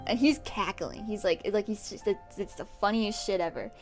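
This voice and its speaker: A young woman streamer casually telling work stories to her chat while drawing, animated, laughing often and acting out what people said. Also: mid-range voice, normal speed, few pauses, soft background music.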